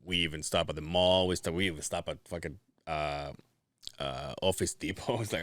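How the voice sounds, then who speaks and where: A man's voice: sits low, fairly quick, fairly bright tone, no echo. A man telling a funny family story on a podcast, laughing often and swearing casually. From Latin American family. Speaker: podcast guest.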